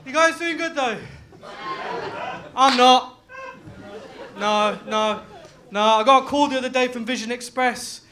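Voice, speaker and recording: A young man from Leicester doing a live stand-up set, loud and laughing, full of crude banter with the crowd. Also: very high-pitched, unhurried, long pauses, background noise. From Leicester, England. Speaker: stand-up comedian.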